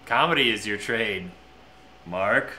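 A man's voice: lowish voice, expressive, slow pace, pushed and bright, slight background noise. A man co-hosting a comedy show, reading out comments with dry teasing jokes. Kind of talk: casual banter reading comments.

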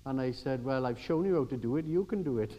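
An older man giving a church sermon, telling everyday stories and swinging from quiet asides to emphatic exhortation. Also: medium pitch, animated, fast talker, poor audio. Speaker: preacher.

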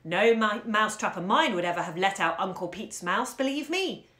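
A woman's voice: mid-range voice, animated, normal speed, sharp tone. A woman voicing a playful grown man who tells children a tall tale, jaunty and theatrical, in a roomy echo. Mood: boastful.

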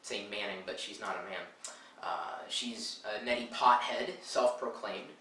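A man's voice: fairly low pitch, a little slow, far from the mic, slight background noise. A man with a stuffed-up, nasal voice chatting casually for a home video, rambling with lots of fillers. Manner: rambling with many filler uhs. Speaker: vlogger. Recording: bright echoey room, a bit off-mic.

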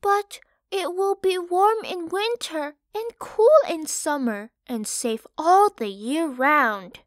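A woman's voice: very high voice, slow pace, no echo, clean studio sound, voice pushed up. A woman voicing the youngest boy pig, sensible and polite, speaking earnestly in an audiobook. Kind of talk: audiobook character voice.

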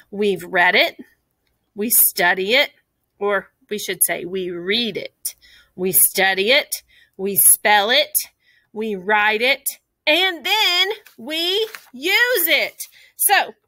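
Lively, bright-voiced woman teaching little kids. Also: a little high, no echo. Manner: cheerful, encouraging, speaks slowly to little kids. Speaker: kindergarten teacher. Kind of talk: online phonics lesson for young children.

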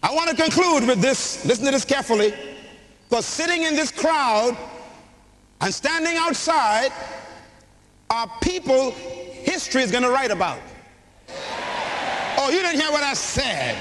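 A Bahamian man preaching a sermon to a congregation in a large church, moving from storytelling to shouted exhortations. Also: very high voice, lively intonation, measured pace, pauses often. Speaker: guest preacher. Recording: long hall reverb, faint noise.

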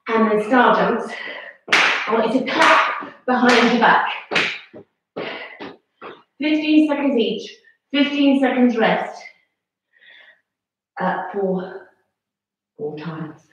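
A woman fitness instructor coaching a workout class with brisk, encouraging commands and counts. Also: a little high, expressive, background noise. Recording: very echoey, distant, dull-sounding room recording.

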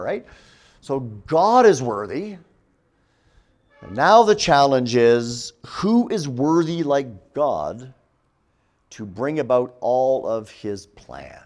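A man's voice: mid-range voice, takes it slowly. A middle-aged man giving a classroom theology lecture, teaching with emphasis and often checking in with "right?". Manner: animated teaching with frequent "right?" tags.

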